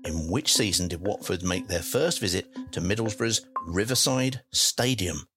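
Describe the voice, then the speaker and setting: A man's voice: sits low, animated, moderate pace, a bit bright, faint music behind. A man hosting a football quiz podcast, reading questions in a playful, sing-song commentary manner. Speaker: quiz host. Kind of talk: football quiz with penalty-shootout framing.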